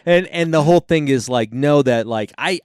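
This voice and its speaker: Man in his forties, lively storyteller. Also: fairly high pitch, normal speed, clean tone, no room sound, clean studio sound. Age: 40s. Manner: animated, swearing, acts out quotes. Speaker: podcast host. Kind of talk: casual chat, storytelling.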